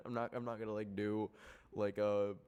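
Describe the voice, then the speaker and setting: A man from Canada, a streamer chatting casually to his viewers, rambling and swearing often, with excitable bursts. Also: fairly low pitch, a little slow, smooth, lo-fi sound. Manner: rambling, profane, excitable, with laughs.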